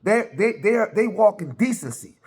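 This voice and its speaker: A man's voice: high-pitched, animated, moderate pace, a little mellow, breathy edge. A man runs a casual reaction commentary. He is chatty and loose, with lots of fillers and repeats. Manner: chatty, many fillers and repeats, laughs often. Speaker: commentary host reacting to clips.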